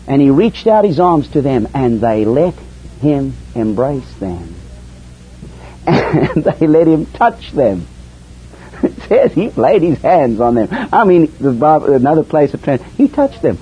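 A man preaching a sermon, dropping to hushed lows and rising to soaring, emphatic highs. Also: sing-song, measured pace. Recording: dull lo-fi sermon recording with faint hiss.

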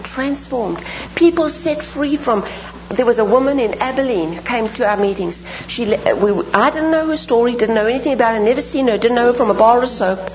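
A woman preaching a sermon, telling stories and praying in an animated, emphatic way with repeated phrases. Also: a little high, brisk, slight background noise, low-quality recording. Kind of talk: sermon with storytelling and prayer.

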